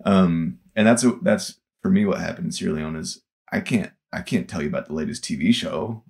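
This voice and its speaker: A man's voice: low voice, brisk, gravelly, a little mellow. A young man chatting casually about life abroad as the host, laughing often and swearing now and then. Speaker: field director, podcast host. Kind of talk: casual chat.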